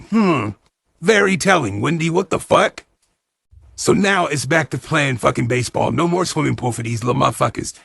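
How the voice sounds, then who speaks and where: A man's voice: medium pitch, vocal fry, pushed and bright, husky, no echo. A man doing a profane, slangy comedy recap of a movie, with mock-outraged asides.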